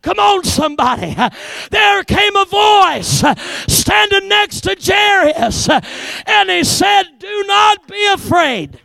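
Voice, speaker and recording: Hoarse shouting preacher, high and gravelly. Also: male voice, lively intonation, slow pace, few pauses, no room sound. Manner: shouted preaching with call-and-response exhortations. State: hoarse from a recent respiratory infection. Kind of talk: sermon.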